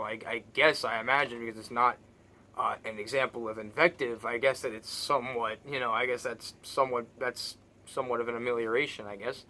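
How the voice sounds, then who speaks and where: A man recounts his own experiences in a loose, rambling monologue, circling back with restarts and fillers. His tone is bright and tense, and he swears bluntly without holding back. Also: medium pitch, fairly even intonation, a little fast, a little hiss or hum. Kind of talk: personal monologue.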